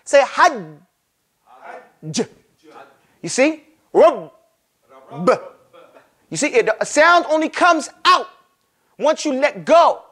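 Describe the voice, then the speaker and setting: High-voiced man teaching recitation drills. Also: very animated, fairly bright tone. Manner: drills pronunciation, stretching sounds slowly and repeating them; casual, conversational teaching with frequent check-ins. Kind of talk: classroom lesson.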